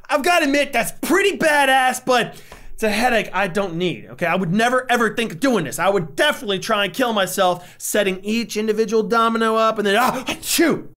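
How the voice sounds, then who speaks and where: A young man with a very high, bright voice, riffing through casual gaming commentary from a desk mic at home. He jokes constantly and breaks into loud, excited shouts. Faint music plays underneath. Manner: excitable, joking, bursts into shouts. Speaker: YouTuber.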